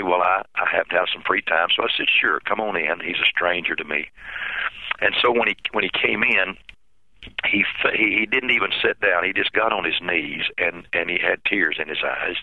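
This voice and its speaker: A man speaks in a very low, gravelly voice, halting and repeating himself as he tells a heartfelt story. His voice comes through a dry, tinny phone line. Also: no room sound. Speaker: pastor. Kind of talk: telling a personal story in an interview.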